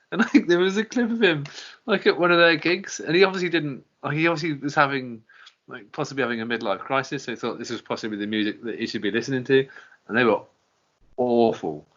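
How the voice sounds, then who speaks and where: A man's voice: mid-range voice, brisk, fairly bright tone. A man hosting a podcast in casual, rambling chat, swearing and laughing as he goes. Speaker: podcast host. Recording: dull lo-fi podcast audio.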